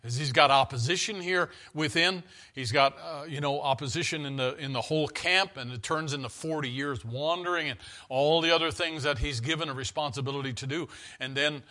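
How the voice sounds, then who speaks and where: A man delivers an evening sermon in a conversational, earnest way, often stumbling and restarting his phrases. His voice sits a little high and sounds bright and forceful. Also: fairly quick. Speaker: preacher.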